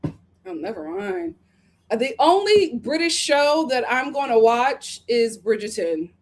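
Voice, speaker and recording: A high-pitched woman hosting a relaxed live stream, reading out viewer comments and reacting to them. She talks in an animated, chatty way and plays up her opinions with exaggeration for fun. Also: unhurried, creaky. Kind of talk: casual live-stream chat.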